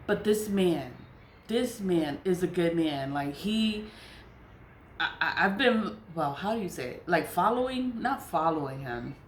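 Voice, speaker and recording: A woman's voice: fairly low pitch, lively intonation, unhurried, slight background noise. A woman telling a rambling personal story in a casual vlog, repeating herself and laughing often. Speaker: vlogger. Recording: roomy echo.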